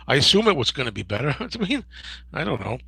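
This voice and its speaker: Gravelly fifties man rambling through viewer questions. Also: medium pitch, sing-song, fast talker, sharp tone, rough recording. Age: 50s. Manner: rambling, digressive, many restarts. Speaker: host. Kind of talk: casual livestream Q&A.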